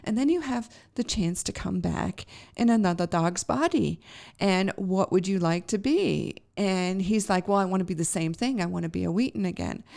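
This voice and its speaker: A woman's voice: mid-range voice, animated, normal speed, vocal fry, a little mellow. Emotional woman telling a story. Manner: emotional, laughs often, many fillers and restarts. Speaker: podcast host. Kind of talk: casual storytelling.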